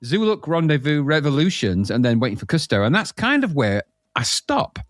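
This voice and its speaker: A man, hosting a casual podcast chat and telling rambling, animated stories. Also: on the high side, normal speed, no room sound, studio quality. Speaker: podcast host.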